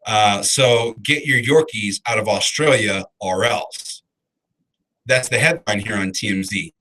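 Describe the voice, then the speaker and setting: A man hosting a casual morning show, talking in a relaxed, rambling way with lots of ums and uhs. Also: lowish voice, measured pace, low-quality recording. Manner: laid-back, rambling, many fillers. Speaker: radio show host.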